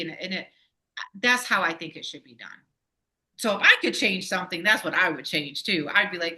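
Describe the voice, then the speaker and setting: A woman guest, a Navy veteran and former store manager, talking in a casual podcast conversation in an animated, emotional, in-your-face way. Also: mid-range voice, normal speed.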